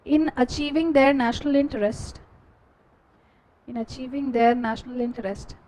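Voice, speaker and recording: A woman teacher with an Indian English accent, slowly dictating class notes and repeating each phrase for students to write down. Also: high voice, warm tone, poor audio.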